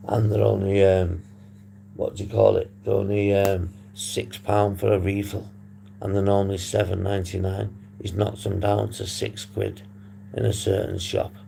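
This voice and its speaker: Man, from the UK, husky, low gravelly voice, very dark tone, slow rambling live-stream chat, faint hum. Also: flat delivery. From United Kingdom. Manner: rambling, swears casually, addresses chat. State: husky voice from a long phone call. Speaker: livestream host on addiction recovery.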